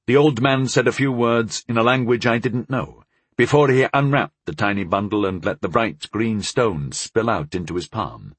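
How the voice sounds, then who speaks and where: A man narrating a first-person fantasy audiobook in an expressive storytelling manner with a husky voice. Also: medium pitch, normal speed, no room sound.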